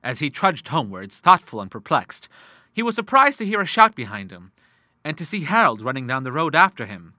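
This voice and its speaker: A man narrating a classic novel in a measured way, dropping low for the narration tags. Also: big pitch swings, pushed and bright, no room sound, studio quality. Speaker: audiobook narrator.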